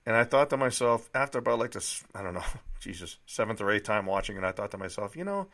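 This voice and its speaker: Man, slightly nasal, lowish voice, rambling, fillers, reads own writing. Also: steady tone, fast, a bit bright. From New Hampshire. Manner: rambling, many fillers and restarts. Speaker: amateur author reading his book. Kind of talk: casual monologue and reading aloud. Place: dry indoor room.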